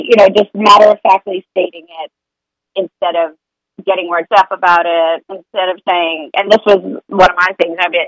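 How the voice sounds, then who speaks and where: A woman's voice: on the low side, little pitch movement, normal speed, fairly bright tone, no echo, rough recording. A woman talking casually and earnestly about her experience as a parent, rambling a little and slipping into sing-song voices when she repeats what she says to her child. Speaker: parent sharing potty-training experience. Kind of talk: casual podcast conversation.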